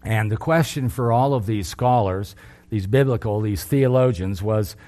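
Middle-aged guy preaching, lowish voice, earnest, swings up then drops quiet. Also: normal speed. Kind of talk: sermon.

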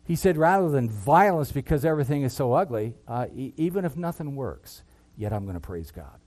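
A man preaching a sermon, reading scripture and building to loud, impassioned peaks before dropping low and quiet. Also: big pitch swings, brisk. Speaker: pastor.

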